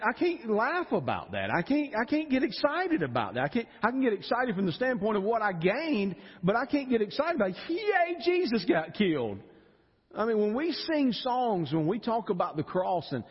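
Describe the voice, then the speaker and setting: A husky-voiced man preaches with wide swings of pitch, now rising high with feeling, now dropping low and quiet. His voice rings out through a large church with a long reverb, and the sound is dull and muffled. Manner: animated, emotional, repeats words when stirred. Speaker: pastor. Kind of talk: sermon. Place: church sanctuary.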